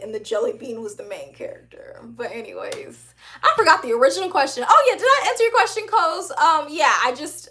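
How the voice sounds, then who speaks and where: A young woman chats on her livestream, reading comments aloud and answering them with bouncy, slangy enthusiasm and frequent laughter. Her voice sits high and bright, and faint music plays underneath. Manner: animated and upbeat, laughs often, uses slang. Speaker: livestream host, animator.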